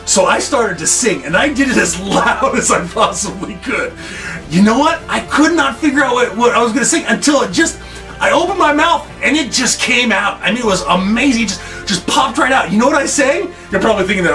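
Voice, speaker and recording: Animated man telling a story. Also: very high-pitched, moderate pace, recorded from a distance, soft background music. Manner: animated, acts out his own reactions with big swings. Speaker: school coach giving a morning talk. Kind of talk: storytelling to students.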